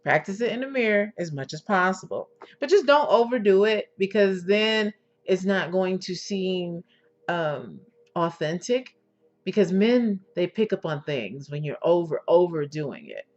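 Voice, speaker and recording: Slow, sultry woman coaching. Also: fairly low pitch, animated. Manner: slow, sultry, drawn-out delivery, often checking "okay?"; endearments to the listener. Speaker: intimacy coach. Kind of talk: instructional talk to women. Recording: dull lo-fi recording with faint music.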